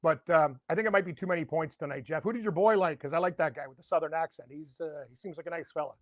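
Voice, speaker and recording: A middle-aged man with a notably high voice riffs on his betting picks, rambling and excitable. He keeps throwing out rhetorical questions, and the sound is dry and close with no room around it. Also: fast, no echo. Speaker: sports betting guest. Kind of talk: casual sports betting chat.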